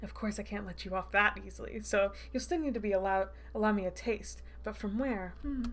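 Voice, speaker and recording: A woman's voice: mid-range voice, fairly quick, slight background noise, lightly acted. Woman reading as a menacing male captor, mock-sweet, purring, teasing, visual novel read-aloud. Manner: teasing, purring, lilting questions.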